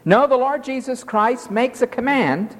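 A man's voice: very high-pitched, a little slow. A man preaching a sermon in an emphatic, dramatic way. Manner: emphatic, dramatic, mimics pleading tones. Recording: long hall reverb.

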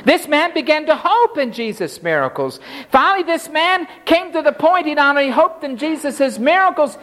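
A man preaching with a high, lively voice that rises and falls sharply. He speaks slowly and with emphasis, sometimes acting out the words of the people in the story. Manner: dramatic, voices the leper's pleas. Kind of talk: expository sermon.

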